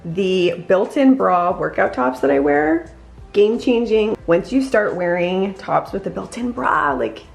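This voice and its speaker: Woman, 30s, chatty mom vlogger; mid-pitched, upbeat, direct to camera, faint music underneath. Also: animated, a little slow, vocal fry. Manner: chatty, bubbly, addresses viewers as "you guys". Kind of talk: casual vlog chat to camera.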